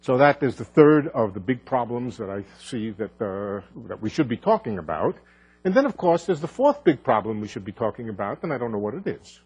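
Man, older, husky-voiced physicist, unscripted lecture, halting and wry. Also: medium pitch, big pitch swings, a little mellow, highs cut off. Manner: thinking aloud with fillers and restarts, dry asides. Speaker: physicist giving a conference talk. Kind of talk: live conference lecture, unscripted.

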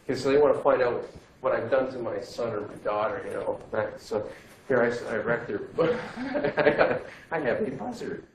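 A male physics teacher giving a classroom lecture, lively and joking as he quizzes his students. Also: mid-range voice, moderate pace. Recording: echoey classroom, faint noise.

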